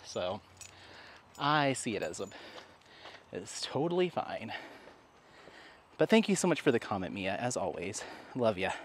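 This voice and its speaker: A man's voice: on the low side, sing-song, unhurried, pauses often, a little hiss or hum. A man chatting casually with viewers while walking his dog in a park, laughing often. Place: outdoors in a park.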